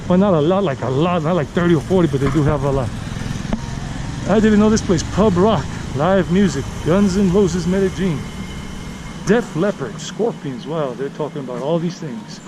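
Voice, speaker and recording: Chatty guy narrating a walking tour outside, voice a bit high, traffic going by behind him. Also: moderate pace. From United States. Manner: rambling, chatty, repeats himself. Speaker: tour guide vlogger. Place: city street outdoors, walking. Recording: outdoor street recording with traffic noise. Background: city traffic and street ambience.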